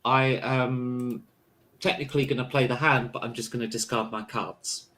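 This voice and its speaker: A man running a tabletop role-playing game, narrating in a casual, halting way. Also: medium pitch, fairly even intonation, a bit bright, a little hiss or hum. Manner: casual, hesitant with fillers. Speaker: game master.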